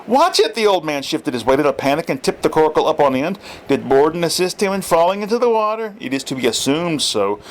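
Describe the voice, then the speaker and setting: A man reading a comic story aloud in a dry, deadpan way, now and then correcting himself. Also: mid-range voice, slight background noise, rough recording. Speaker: reader.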